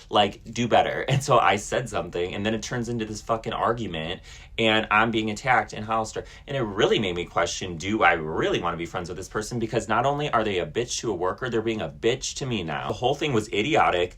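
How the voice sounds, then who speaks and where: A man's voice: on the low side, fairly bright tone, husky. A man venting bluntly to camera in a casual storytime vlog, indignant and swearing. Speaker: vlogger.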